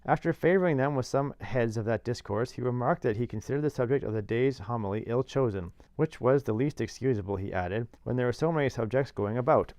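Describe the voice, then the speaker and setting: A man's voice: medium pitch, brisk, few pauses, darkish tone, dry recording. Man reading a classic novel aloud, dry sound. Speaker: narrator.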